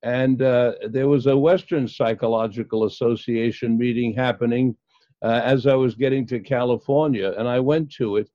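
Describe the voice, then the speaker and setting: An older man, a psychologist guest, recounting his past in an interview with many pauses and fillers. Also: medium pitch, steady tone, dark tone, no echo. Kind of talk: storytelling in an interview. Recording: dull, dry lo-fi sound.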